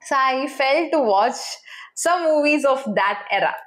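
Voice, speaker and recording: Chatty woman, high voice. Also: animated, a little slow. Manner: chatty, searching for words with many fillers. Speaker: reaction video co-host. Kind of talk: casual chat.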